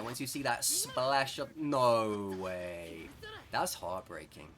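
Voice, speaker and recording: A young man with an English accent giving chatty, excitable gameplay commentary, rambling and correcting himself as he plays. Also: mid-range voice, fairly quick, faint music behind. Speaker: gaming streamer.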